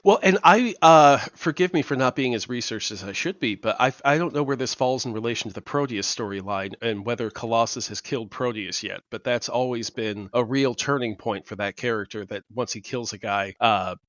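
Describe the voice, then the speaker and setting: A middle-aged man co-hosting a podcast, chatting casually about comic books, laughing often and filling pauses with "uh". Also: medium pitch, fairly bright tone, dry recording. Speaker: podcast co-host. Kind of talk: casual comic book discussion. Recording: dull dry recording.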